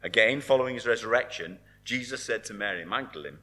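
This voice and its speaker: A man delivering a sermon in an earnest preaching manner, dropping his voice softly on key words. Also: on the low side, lively intonation, fast talker, soft background music.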